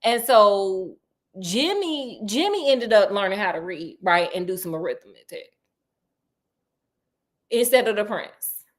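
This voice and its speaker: A woman casually retelling a children's book, chatty and animated with slangy, playful asides. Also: mid-range voice, measured pace, long pauses. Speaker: storyteller.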